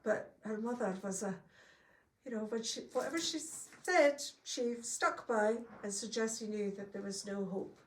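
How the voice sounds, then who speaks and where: A woman telling a folk tale to a live audience, lively and laughing often as she acts out the voices. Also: a little high, normal speed. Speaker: storyteller. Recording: roomy, from a distance, faint ambience.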